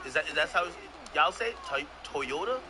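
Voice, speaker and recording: A man's voice: a little high, lively intonation, rapid-fire, background noise. A man with a Jamaican accent telling a rambling, profane story to his stream, often repeating words as he goes. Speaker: streamer host. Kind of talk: casual storytelling chat.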